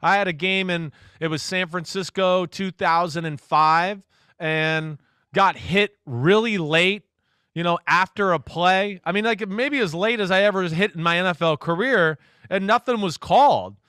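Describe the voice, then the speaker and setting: A man who is a football analyst, a guest in a casual interview, telling stories in an animated way and acting out what others said. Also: high-pitched, normal speed, clean tone, no echo, studio quality. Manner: animated storyteller, acts out quotes.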